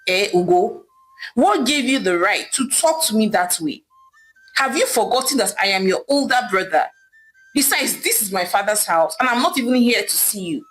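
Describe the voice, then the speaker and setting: Woman doing a proud desperate young man, shouting, lively pitch, storybook tale, faint music behind. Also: moderate pace, natural voice, poor audio. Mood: angry. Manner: shouting, indignant, then wailing.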